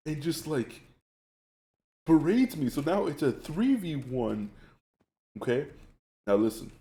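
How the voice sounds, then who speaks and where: A young man streaming a game, telling stories in a rambling, animated way and laughing often. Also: on the high side, echoey room. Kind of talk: casual chat while gaming.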